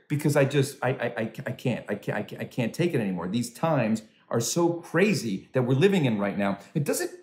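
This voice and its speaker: Male stand-up comic performing from home over a video call, lively delivery, roomy echo. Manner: animated, swoops into high voices for quoted people. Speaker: stand-up comedian. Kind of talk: stand-up comedy set for a virtual charity dinner.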